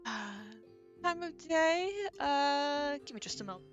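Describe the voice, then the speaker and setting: A woman's voice: high voice, animated, a little slow, highs cut off, soft background music. A woman acting as game master, describing scenes loosely and with many fillers. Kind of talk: narrating a tabletop game.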